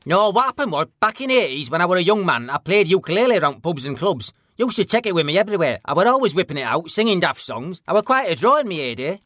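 A man playing a deadpan northern bloke. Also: high-pitched, quick pace, few pauses, no room sound, clean studio sound, heavily acted. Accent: Northern English. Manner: deadpan, blunt, plain-spoken. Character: gruff northern ex-stalker bloke, blunt. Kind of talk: mock documentary interview.

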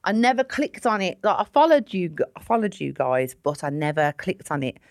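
A woman with a low voice talks in a loose, casual interview. She is blunt and swears freely, poking fun at herself as she goes. The sound is dry and close. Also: sing-song, a little fast, dry recording. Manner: blunt, sweary, self-mocking. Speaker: interview guest, comedian. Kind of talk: casual chat.

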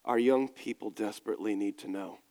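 A man voicing an older, godly church elder who speaks in a soft, slow, hushed and pleading way. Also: fairly low pitch, long reverb tail, voice pushed down, close to an everyday voice. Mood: sorrowful.

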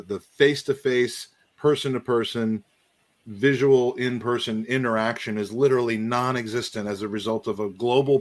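A man hosts a podcast in an earnest, deliberate way, building his points with care. His voice sits a little low. He talks in a casual interview setting. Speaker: podcast host.

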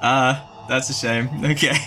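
This player's voice is medium-pitched and steady, unhurried, heard over music. Staying in character at the tabletop, he leads a ritual, calling out words that the group echoes back, and keeps dissolving into laughs between the chanted commands.

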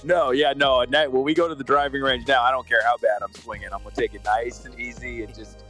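A man's voice: mid-range voice, steady tone, quick pace, a bit bright, faint music behind. A man, a podcast co-host, chatting casually and rambling through a story, acting out the people in it. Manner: rambling storyteller, acts out dialogue. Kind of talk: casual chat.

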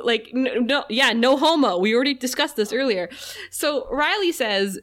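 A woman co-hosting a casual recap podcast, animated and laughing often as she retells scenes. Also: high-pitched, unhurried. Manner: animated, laughs often, reads quotes in a flat aside voice. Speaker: podcast co-host.

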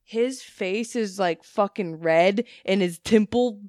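A woman's voice: medium pitch, slow pace, dry recording, clean studio sound. A woman chatting casually, telling a work story with lots of swearing, acted-out quotes and laughter. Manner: animated, swears freely, acts out quotes, laughs often.

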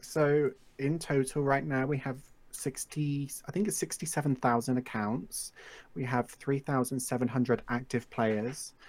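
A man's voice: mid-range voice, little pitch movement, unhurried. A man from England with an English accent, chatting as a podcast guest about running a game server, easygoing and self-deprecating. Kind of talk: casual podcast chat.

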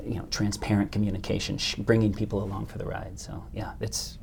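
In a business interview, a man speaks as a hotel company executive, halting often, restarting and repeating himself. His fairly low voice is flat, creaky, and darkish in tone, with a little hiss or hum in the recording.

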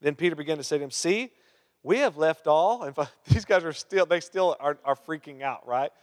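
A man's voice: on the high side, moderate pace. A man preaching a sermon, reading scripture aloud and breaking off to question and joke with the congregation. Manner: reads scripture, then asks the crowd questions and jokes. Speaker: pastor. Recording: long hall reverb.

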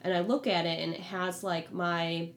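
Woman, young adult, casual story, animated, mimics others' voices, lowish voice, roomy echo, faint hum. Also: moderate pace. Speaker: guest telling a personal story. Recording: echoey room with faint hum.

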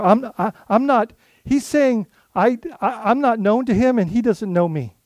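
A man's voice: very high-pitched, a little slow, a little mellow, no room sound. A male lead pastor preaching a sermon in a conversational way, full of rhetorical questions and restarts.

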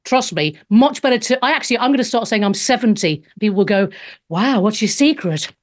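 A woman's voice: on the high side, expressive, quick pace, darkish tone. A woman in her fifties, a stand-up comedian hosting a show, sarcastically reading out and mocking news headlines, swearing freely. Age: 50s. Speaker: host.

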